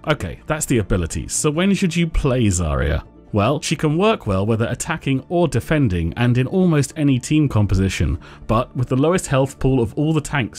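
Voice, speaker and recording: A man narrates a game tutorial in a measured, methodical voice, reading out numbers and details with care. His pitch sits in an ordinary middle register for a man. Faint music plays softly beneath his voice-over. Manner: measured, informative, reading out figures. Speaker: video game guide host.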